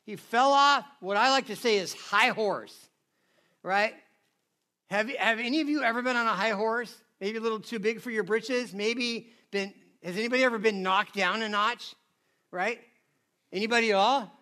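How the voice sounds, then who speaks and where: A man with a very high voice preaches in a loose, conversational way. His tone is bright and sharp, and he keeps checking in with the crowd. It sounds like a friendly talk, not a formal lecture. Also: moderate pace. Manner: chatty, keeps asking the audience "right?". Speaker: pastor. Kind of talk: casual conversational sermon.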